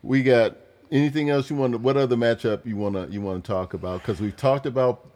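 Middle-aged male co-host, average-pitched voice, blunt, dismissive and teasing. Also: a little fast, darkish tone. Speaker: podcast co-host, father. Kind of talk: casual sports debate.

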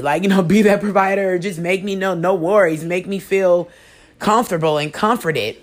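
A woman's voice: mid-range voice, animated, brisk. A young adult woman talking frankly and expressively to her viewers in a casual monologue, full of slang. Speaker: vlogger. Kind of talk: candid casual monologue to camera.

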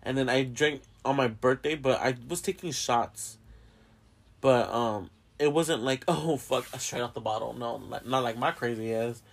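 A man's voice: medium pitch, unhurried. A young man hosting a podcast in casual chat, rambling and swearing a lot and often laughing. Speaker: podcast host.

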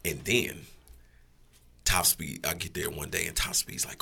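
A man's voice: deep voice, fairly even intonation, a little slow, gravelly, sharp tone, a little hiss or hum. A middle-aged man, telling a story casually as a guest, swearing freely and acting out quotes.

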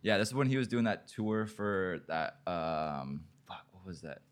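A podcast host chatting casually, telling rambling, profane stories full of fillers. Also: male voice, deep voice, lively intonation, a little slow.

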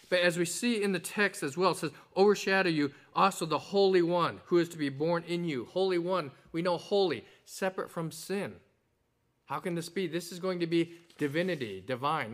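A man's voice: a little high, a bit bright. A man preaching a sermon in an earnest, explanatory way, with conversational asides and strong emphasis on key words. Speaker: pastor.

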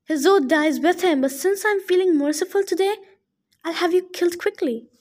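A woman's voice: very high-pitched, moderate pace, darkish tone, pitched above the performer's own voice. Woman reading as an arrogant young villain. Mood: cold commanding. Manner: ordering, mocking.

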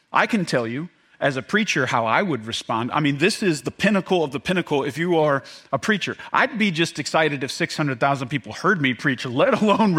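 A man preaching a sermon to his congregation, animated and joking, often acting out the voices of the people in the story. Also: fairly high pitch. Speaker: pastor.

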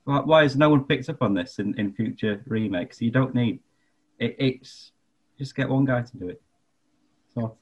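A man's voice: mid-range voice, moderate pace, husky. A man co-hosting a casual film podcast, teasing his co-host in a dry way. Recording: dull lo-fi podcast audio.

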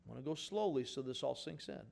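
A male pastor preaching a sermon in a conversational, folksy way, swinging from quiet asides up to emphatic, louder points. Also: expressive, quick pace, vocal fry. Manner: rises in pitch and volume for emphatic points, drops to quiet asides.

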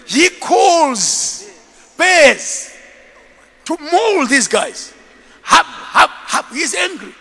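A man preaching a sermon as a bishop, telling stories in an animated way and acting out the scenes. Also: extremely high pitch, very slow, vocal fry, big-room sound.

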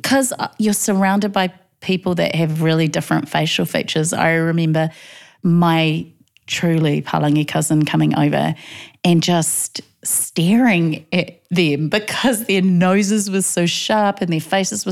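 Candid New Zealand woman, lowish voice. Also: unhurried, gravelly. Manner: candid, animated quoting, laughs often. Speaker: interviewee. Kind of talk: casual personal storytelling.

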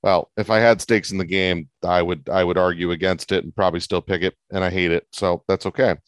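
Speaking briskly on a casual wrestling podcast he co-hosts, this man pushes his views with emphatic, argumentative energy and lively shifts in pitch. There's no room sound at all.

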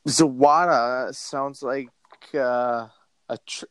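A man's voice: fairly even intonation, slow, a bit bright, clear, resonant tone, dry recording. A man co-hosting a casual podcast, rambling in crude jokes with lots of fillers and restarts. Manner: rambling, crude joking, many fillers and restarts, jumpy pitch. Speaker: podcast co-host.

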